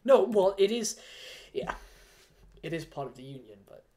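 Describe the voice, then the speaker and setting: A man's voice: high-pitched, animated, normal speed, dark tone. A man chatting casually on a livestream, hot and a little out of it inside a fursuit. He rambles and stammers through restarts, thanking donors in an easygoing way. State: overheated in a fursuit, mentally foggy. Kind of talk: casual livestream chat, reading donations.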